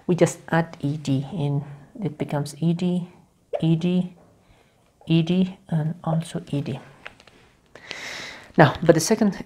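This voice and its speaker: A woman's voice: low-pitched, fairly even intonation, warm tone, husky. A woman teaching English grammar in a video lesson. She repeats key words over and over and explains step by step, with frequent restarts. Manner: halting, with restarts and fillers while explaining.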